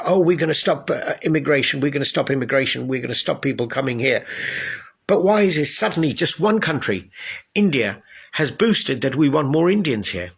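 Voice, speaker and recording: A man's voice: mid-range voice, fairly bright tone, husky. A man delivering a heated political rant, sarcastic and full of rhetorical questions.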